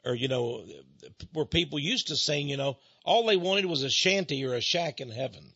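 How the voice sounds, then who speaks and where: Middle-aged male radio preacher, husky and dry, impassioned rant with frequent laughs. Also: a little high, expressive, moderate pace, a bit bright, no room sound, dull audio. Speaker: radio ministry host. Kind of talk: ranting radio monologue. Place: radio studio.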